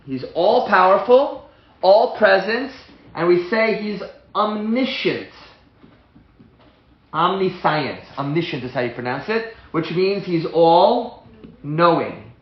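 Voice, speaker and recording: A man teaching a lively class as a rabbi at a whiteboard, excitable and often stopping to restart his sentences. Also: high-pitched, takes it slowly, echoey room, highs cut off. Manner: excitable, self-interrupting, stumbles over restarts.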